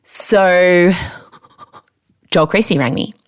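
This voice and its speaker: A woman's voice: lowish voice, extremely slow. Chatty Australian woman podcast host. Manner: chatty, self-mocking, animated storytelling. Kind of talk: casual monologue.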